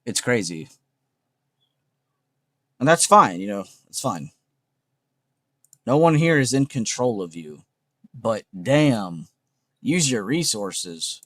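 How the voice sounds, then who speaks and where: A man's voice: mid-range voice, sing-song, takes it slowly, pauses often, fairly bright tone, no room sound. A man hosting a trading livestream, talking in a blunt, emphatic, unscripted way, swearing often and repeating points.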